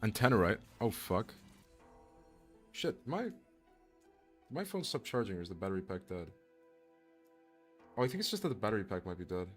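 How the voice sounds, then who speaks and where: A man's voice: fairly low pitch, big pitch swings, moderate pace, long pauses, faint music behind. A man streaming as a voice actor, chatting casually, joking and rambling and swearing freely. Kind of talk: casual livestream chat.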